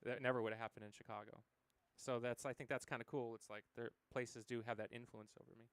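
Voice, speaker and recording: Interview guest: fast, smooth-voiced American man in his forties, rambling storyteller, dry close sound. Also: mid-range voice, level tone, a bit bright, no echo. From United States. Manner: rambling storyteller, many fillers and acted quotes. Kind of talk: casual interview conversation.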